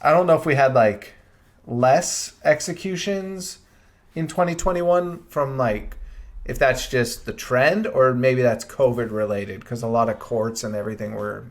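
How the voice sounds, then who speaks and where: A young man co-hosting a podcast, chatting casually and reflecting earnestly, often pausing with "uh" and "um". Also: medium pitch. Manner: earnest, reflective, thinks aloud with "uh" and "um". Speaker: podcast co-host. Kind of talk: casual chat.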